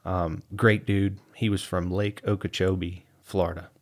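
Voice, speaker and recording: Low-voiced man telling army stories. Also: moderate pace. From United States. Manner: animated storyteller, acts out quotes, laughs often. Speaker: guest, Army veteran. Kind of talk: storytelling in a podcast interview.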